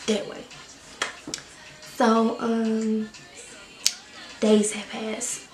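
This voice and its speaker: A young woman vlogger telling a story time, animated and slangy with quick bursts of emphasis. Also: a little high. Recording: roomy echo with faint music.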